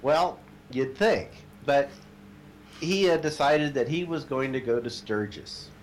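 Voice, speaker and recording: Male storyteller, mid pitch, animated and chatty, acts out the quotes, faint background noise. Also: a little slow. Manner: animated storyteller, shouts quoted lines, laughs at own stories. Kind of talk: casual anecdote telling.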